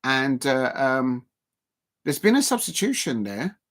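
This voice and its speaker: A man hosting a live football watch-along stream, rambling and excitable, full of fillers and repeats. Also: mid-range voice, takes it slowly.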